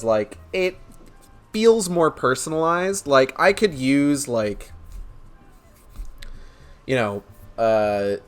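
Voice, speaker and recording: A man's voice: medium pitch, fairly bright tone. A man streaming, chatting casually in a rambling, filler-heavy way. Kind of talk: casual chat.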